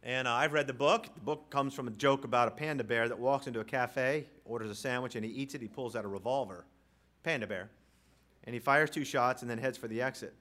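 Emphatic preacher man, loud then hushed. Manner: emphatic, swinging from loud declarations to hushed low lines; reads scripture aloud with deliberate slow pauses. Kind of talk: sermon. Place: church sanctuary.

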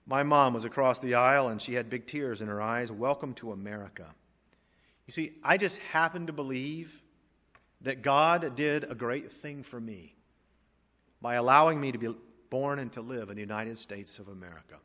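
A middle-aged man preaches a sermon in a bright, forceful voice, and the words ring out through a church with a long, lingering reverb. He builds to emphatic, rising questions, then drops low and quiet to tell a personal story. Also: normal speed. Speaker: pastor.

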